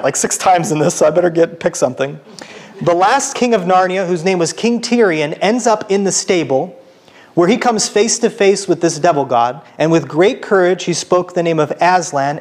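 Casual male church lecturer. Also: a little high. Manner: informal, self-correcting, asks the audience. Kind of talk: casual lecture with reading aloud. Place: church hall.

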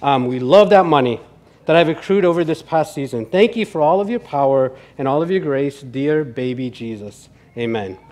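A pastor voicing a boastful, dim-witted male race car driver who says grace in a loud, drawn-out, earnest way. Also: medium pitch, expressive, close to an everyday voice. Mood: reverent.

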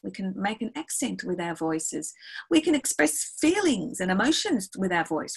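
A woman's voice: mid-range voice, sing-song, normal speed, gravelly, husky, rough recording. A middle-aged woman, a music educator, explaining classroom activities step by step in a webinar and acting out her exchanges with the class. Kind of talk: webinar teaching talk.

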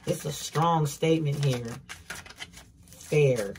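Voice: medium pitch, slow, a little mellow, a little hiss or hum. A tarot reader giving a casual, emphatic reading, repeating words for stress and swearing bluntly. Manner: emphatic, repetitive, blunt and profane.

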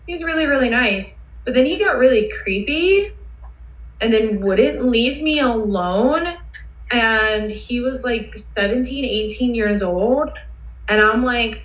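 Woman rambling excitedly in an interview, lots of "like", roomy echo, kinda muffled. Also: a little high, a little slow. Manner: rambling, filler-heavy, excitable. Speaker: guest cosplayer. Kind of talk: casual interview storytelling. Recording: roomy, dull sound.

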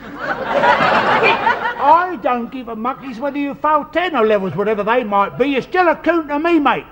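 A man's voice: very high-pitched, very animated, normal speed, a bit bright, exaggerated voice. A blustering bigoted workman. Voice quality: blunt, blustering, crude. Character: bigoted blustering working-class English workman. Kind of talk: 1960s television sitcom acting.

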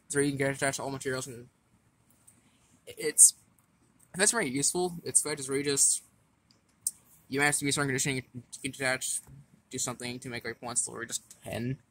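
Casual man, mid-pitch, talking through a card deck, stumbles and restarts as he reads. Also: fairly even intonation, a little fast, long pauses, fairly bright tone. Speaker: card game deck explainer.

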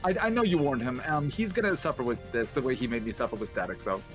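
A man co-hosting a comedic gameplay chat, mockingly reading a story aloud in halting starts. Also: mid-range voice, faint music behind.

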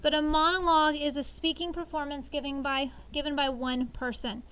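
A high-pitched woman leads a sixth grade vocabulary lesson. She talks in a chatty, explaining way, leaning on everyday examples and tagging many points with a quick "okay?". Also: level tone, fairly bright tone, low-quality recording.

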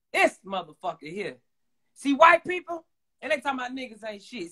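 High bright-voiced man, hype livestream host, loud, swearing, shouting at the chat. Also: very animated, moderate pace, pauses often. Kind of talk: hyped livestream hosting.

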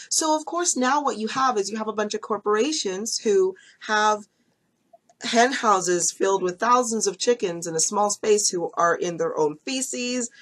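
A woman's voice: medium pitch, fairly bright tone. A woman who runs a hair extension business, chatting casually to camera and telling a story with lots of ums and acted-out quotes. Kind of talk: casual talking-head vlog.

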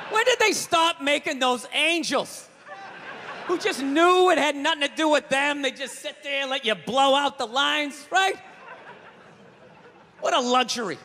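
Brief: male comic, loud profane ranter, sharp bright voice, live in a big reverberant room with faint noise. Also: very high-pitched. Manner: loud, ranting, swearing, shouting punchlines. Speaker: stand-up comedian. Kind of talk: stand-up comedy set. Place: comedy stage before a laughing audience.

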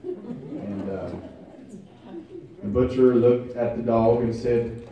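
A male pastor preaching a sermon, building from quiet to loud, emphatic delivery with drawn-out phrases. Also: medium pitch, fairly even intonation, a little hiss or hum. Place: church sanctuary. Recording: distant echoey church recording, muffled.

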